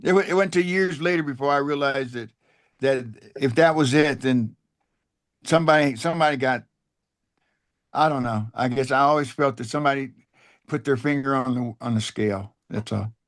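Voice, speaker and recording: A man's voice: mid-range voice, normal speed, dry recording, clean studio sound. A man in a casual discussion group who talks hesitantly and rambles his way toward his point.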